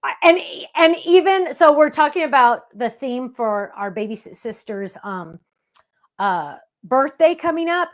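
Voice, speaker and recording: A chatty middle-aged woman hosting a craft livestream. Her voice sits a little high, and she gushes in a bubbly way as she talks to her viewers. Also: animated, unhurried. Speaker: craft show host. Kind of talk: casual livestream chat.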